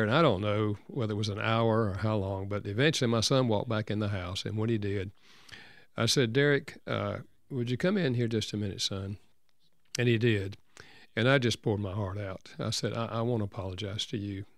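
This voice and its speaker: An older man speaks as an interview guest, telling a personal story in an earnest, gentle way. His voice is lowish and gravelly, with a slight fry. The sound is close and dry, with no room around it. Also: fairly quick, no echo. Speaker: counselor and author guest.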